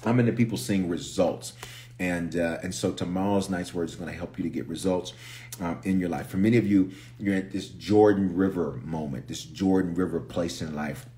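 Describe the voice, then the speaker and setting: A man, a pastor, chatting casually on a livestream and reading viewer comments aloud with lively energy. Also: low voice, normal speed.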